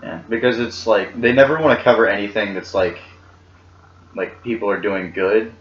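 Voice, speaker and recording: A man's voice: on the low side, normal speed. A man co-hosting a casual podcast chat in a laid-back, agreeable way. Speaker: podcast co-host. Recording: echoey, dull lo-fi room.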